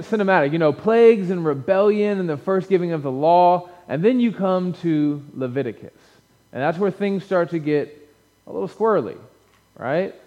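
A man's voice: on the high side, a little mellow. A man preaching a sermon as pastor, conversational and joking with his congregation in a church sanctuary. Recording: dull lo-fi church recording with long reverb.

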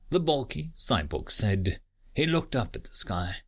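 A man's voice: fairly low pitch, very animated, a little slow, breathy edge, soft background music. A man narrating a science fiction audiobook in a dramatic storytelling manner. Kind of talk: scripted narration.

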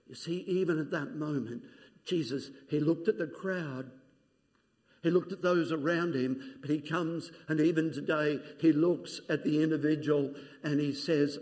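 A man preaching a sermon, retelling scenes dramatically and dropping to hushed, near-whispered quotes. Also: a little high, steady tone, moderate pace. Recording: long hall reverb.

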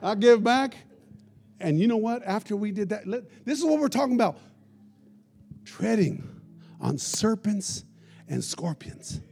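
High, gravelly-voiced preacher man. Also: measured pace, pauses often. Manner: energetic storytelling preacher with shouted praise interjections. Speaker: pastor. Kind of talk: sermon.

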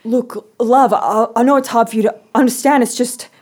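A woman's voice: on the high side, fairly even intonation, normal speed, a little mellow, breathy edge. Woman playing a stammering sheepish dad. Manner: croons then stammers sheepishly. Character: sleazy crooning middle-aged dad at a conference. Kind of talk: improvised comedy sketch.

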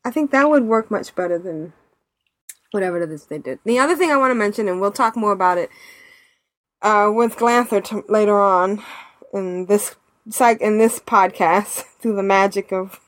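A woman hosting a podcast in casual chat, animated and chatty, laughing often, talking over a remote call mic. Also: medium pitch, normal speed, dry recording. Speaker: podcast host.

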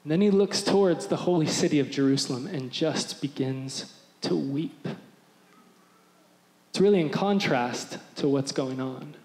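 A male pastor delivers a sermon in a high, bright-toned voice, animated and acting out crowd voices. His voice carries a long reverb, as if in a large church hall. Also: measured pace.

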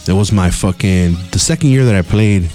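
Fast-talking, profane LA man. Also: deep voice, mellow, faint music behind. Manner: profane, rambling, fast street talk. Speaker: podcast host. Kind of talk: casual chat, storytelling.

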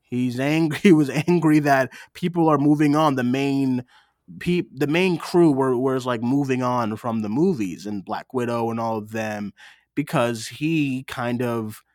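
A man's voice: mid-range voice, measured pace, no room sound, studio quality. A young man co-hosting a casual film podcast, telling stories and acting out what others said. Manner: animated storyteller, acts out quotes of others. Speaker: podcast co-host. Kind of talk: casual chat.

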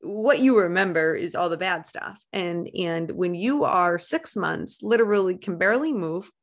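A woman's voice: on the low side, expressive, normal speed. A woman, a life coach, talking candidly as a podcast guest, blunt and swearing, with bursts of feeling. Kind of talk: candid interview talk.

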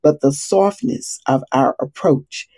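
A woman's voice: low voice, slow, dark tone, dry recording. A woman teaching on a morning call, earnest and rambling, often restarting her sentences. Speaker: Bible study teacher. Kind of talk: casual spoken teaching.

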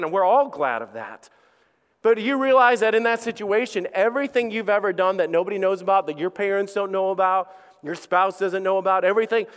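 A man's voice: high-pitched, a bit bright, clear, resonant tone. A middle-aged male pastor preaching an impassioned sermon, acting out the voices of his listeners. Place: church auditorium. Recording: long reverb of a large hall.

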